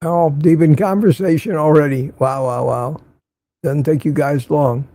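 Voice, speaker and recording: A man's voice: fairly high pitch, fairly even intonation, unhurried, warm tone, no echo. An older man hosting a casual morning livestream, greeting viewers by name and making wry asides. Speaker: livestream host.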